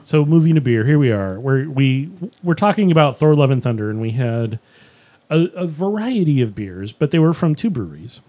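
A man hosts a casual podcast, rambling enthusiastically and restarting his sentences as he talks. His voice has a warm, mellow tone, and his pitch sits in a middle range. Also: sing-song, moderate pace. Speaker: podcast host reviewing beer. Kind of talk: casual chat.

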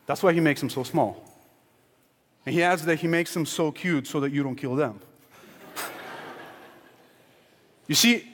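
A pastor preaching a sermon to his congregation, asking question after question and swinging from near-shouts down to quiet, slow lines. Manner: emphatic, questioning, rising to near-shouts then dropping low. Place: church sanctuary. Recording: long hall reverb.

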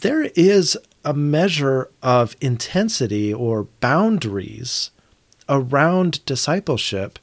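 A man's voice: medium pitch, no echo. A man in his thirties co-hosting a podcast, talking earnestly and thinking aloud, sometimes restarting his sentences. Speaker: podcast co-host. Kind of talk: reflective conversational discussion.

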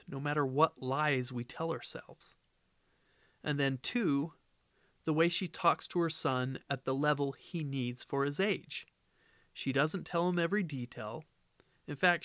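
A man's voice: a little high, a bit bright, no room sound. Earnest man with dry, close sound. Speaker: podcast host. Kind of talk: reflective podcast commentary.

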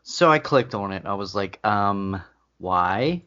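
A man's voice: lowish voice, animated, takes it slowly, fairly bright tone, dull audio. A man co-hosting a podcast in casual comedy chat, telling stories in a dry, matter-of-fact way. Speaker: podcast co-host.

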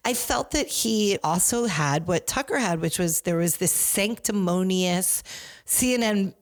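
A woman in her forties chatting on a podcast, telling stories in an animated way with quick asides. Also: lowish voice. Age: 40s. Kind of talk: casual podcast chat.

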